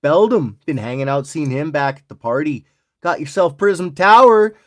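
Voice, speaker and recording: A man's voice: on the high side, animated, moderate pace, a bit bright. A man in his forties voicing an exaggerated Canadian hoser guy, drawling folksy lines in a put-on Canadian accent. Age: 40s. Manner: drawling, ends lines with "bud" and "eh".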